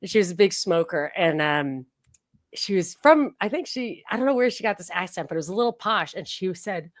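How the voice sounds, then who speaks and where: A middle-aged woman hosting a podcast, telling stories in an animated, casual way with lots of filler words. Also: fairly low pitch, fairly quick, dry recording, clean studio sound. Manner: animated storytelling with many "like" fillers. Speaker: podcast host. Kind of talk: casual conversational interview.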